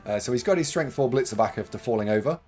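A man's voice: mid-range voice, expressive, quick pace, a little mellow, faint music behind. A man streaming a game live, chatting casually with viewers and thanking them, with lots of fillers. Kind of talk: casual live-stream chat while playing.

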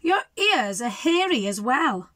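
A woman reading aloud puts on a polite little girl in a red hood, her voice lifted higher. She sounds curious and clever, in a dry, close-sounding room. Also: very animated, slow, fairly bright tone, no echo, heavily acted. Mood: polite worried.

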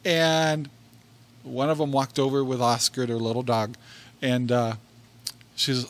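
A man's voice: medium pitch, fairly even intonation, measured pace, long pauses. A middle-aged man hosts a laid-back podcast, speaking into a desk microphone in a mid-range voice. He rambles, laughs often and restarts his sentences as he tells stories. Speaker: podcast co-host. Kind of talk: casual podcast monologue.

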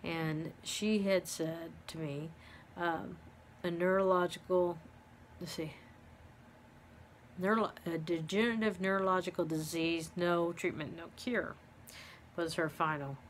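A middle-aged woman telling a personal story, pausing often with ums and restarts. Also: lowish voice, steady tone, a little hiss or hum. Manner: halting, many ums and restarts. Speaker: vlogger living with dementia.

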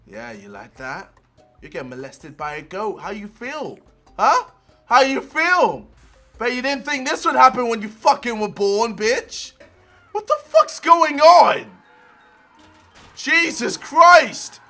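A young man giving loud, profane gameplay commentary, often shouting and laughing at the game. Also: extremely high pitch, big pitch swings, slow pace, creaky, faint music behind. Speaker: gaming YouTuber.

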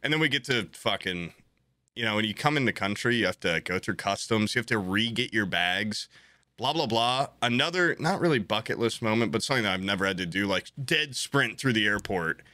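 A man's voice: lowish voice, fairly quick, dry recording. A young man co-hosting a podcast, telling profane stories in a casual chat and acting out the people in them. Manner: profane, animated storytelling with voiced impressions. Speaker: podcast co-host.

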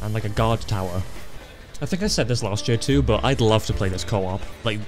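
A man giving excitable let's-play commentary, stammering, swearing and laughing often. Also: fairly low pitch. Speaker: gaming channel host.

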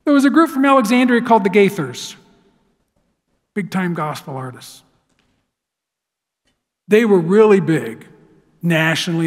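A man preaching a sermon in a church sanctuary, telling the story with lively, dramatic flair. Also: high-pitched. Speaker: pastor. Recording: long church hall reverb.

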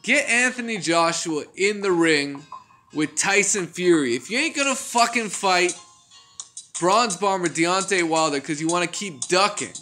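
A man's voice: sits high, lively intonation, unhurried, bright, forceful tone, faint music behind. A man giving casual boxing news commentary, ranting in a profane, exasperated way and laughing between points.

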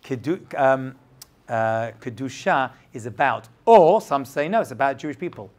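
A man's voice: medium pitch, lively intonation, normal speed, a little mellow. A man teaching a Torah class as a rabbi, asking rhetorical questions and checking that his students follow.

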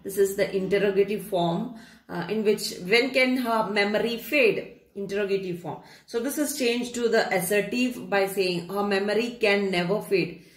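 A patient woman teacher walks students through a grammar rule, saying key phrases twice and slowing down to read each example. Her voice sits in a middle register and sounds through a noticeably echoey room. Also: mid-range voice. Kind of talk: classroom grammar lesson.

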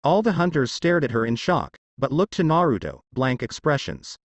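A man narrating a fanfiction story in a steady, expressive scripted reading. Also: medium pitch, moderate pace, no room sound.

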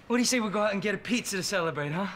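High, lively shouting hothead, noisy recording. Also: male voice, racing. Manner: loud, cocky, shouting. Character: brash high-voiced man, jealous boyfriend and pub tough.

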